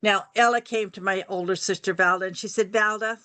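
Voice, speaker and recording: An older woman telling a personal family story aloud, unhurried, repeating phrases for rhythm. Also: mid-range voice, fairly even intonation, pushed and bright.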